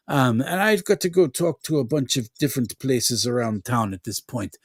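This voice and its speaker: A man narrating a tabletop game as game master, relaxed and rambling with many fillers. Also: medium pitch, moderate pace, hardly any pauses, breathy edge, no room sound, studio quality.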